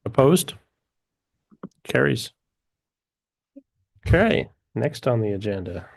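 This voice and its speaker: A man chairing a public commission meeting, running the votes briskly. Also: medium pitch, big pitch swings, creaky, no echo, studio quality. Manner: brisk, procedural.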